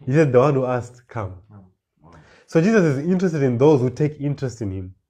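A man preaching a sermon, reading scripture verses slowly and then explaining them with rising emphasis and repeated words. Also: medium pitch, animated, warm tone.

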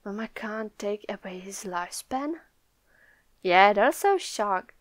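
A young woman hosting a live comic reaction video, excitable and laughing often, swearing freely. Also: medium pitch, takes it slowly, dry recording. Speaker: manga reaction video host.

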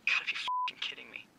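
An actress playing an anxious female radio supervisor in a video game, talking haltingly over a walkie-talkie. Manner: halting, shaken, sighing. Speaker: game character. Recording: crackly radio, noisy game audio.

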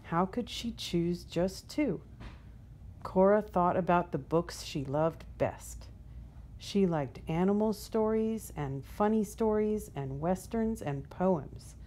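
A woman reading a children's picture book aloud in a gentle, unhurried storytelling manner. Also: fairly low pitch, animated. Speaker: storybook reader.

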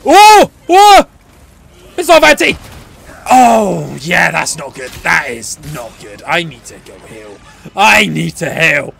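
A man streaming a horror game, reacting loudly, swearing at enemies and chatting to viewers between laughs. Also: a little high, unhurried, vocal fry. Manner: excitable, yelling and swearing at the game. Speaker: gaming channel host. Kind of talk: let's play commentary.

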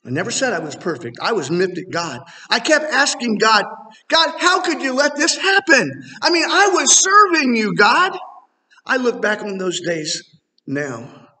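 A middle-aged male pastor preaching a sermon in a church, animated and rising to emphatic near-shouts. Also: a little high. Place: church sanctuary. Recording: long hall reverb.

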